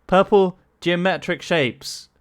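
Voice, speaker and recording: Guy dm narrating a tabletop game, kinda high voice, chill and giggly, swears a bit. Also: slow pace, clear, resonant tone. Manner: laughs often, casual and swears. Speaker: game master.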